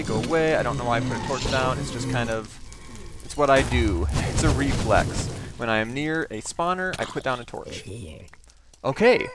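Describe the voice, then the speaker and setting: A man hosting a game playthrough, chatting as he plays and breaking into excited exclamations. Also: medium pitch. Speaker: gaming channel host. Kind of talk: Minecraft let's play commentary.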